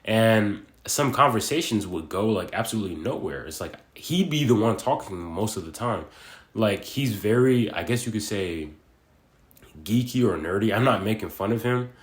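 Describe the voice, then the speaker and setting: A man's voice: on the low side, expressive, moderate pace, echoey room. A young man in his twenties talking in a casual, rambling monologue, full of slang and fillers. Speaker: vlogger.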